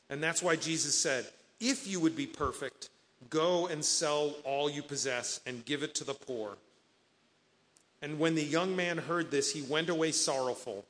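A man's voice: on the high side, fairly bright tone. Man preaching in a reverberant hall. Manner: earnest preaching, quoting scripture and voicing imagined speakers. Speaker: pastor. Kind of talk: sermon.

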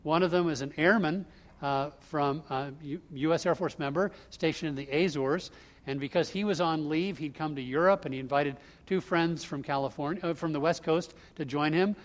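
A man telling a story off the cuff, halting often with fillers and restarts. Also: a little high. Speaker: speaker recounting a news event. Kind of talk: unscripted spoken storytelling.

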